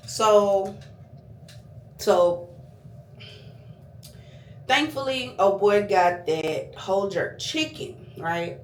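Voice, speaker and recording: A woman vlogger telling a restaurant story as a casual, profane, animated rant. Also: medium pitch, measured pace, roomy sound, slight background noise.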